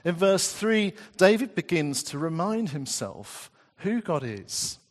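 A man preaching a sermon, reading scripture slowly and deliberately with emphatic rises. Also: high-pitched, very animated. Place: church. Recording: long church reverb.

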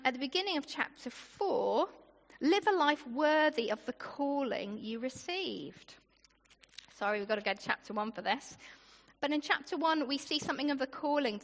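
High-voiced woman preaching in a hall. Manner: chatty and animated, with asides and laughter. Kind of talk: sermon. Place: church hall. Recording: long hall reverb.

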